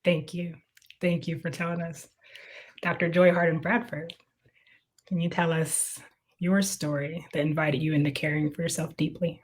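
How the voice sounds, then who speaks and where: Measured woman moderating a panel. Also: low-pitched, flat delivery, slightly rough. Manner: measured, formal delivery. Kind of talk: reading an introduction and posing questions.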